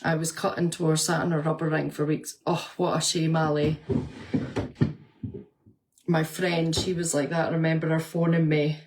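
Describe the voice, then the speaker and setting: A woman's voice: sits low, level tone, normal speed, long pauses, darkish tone, slight background noise. A woman vlogger and nurse chatting casually, answering viewer comments and laughing often as she retells stories.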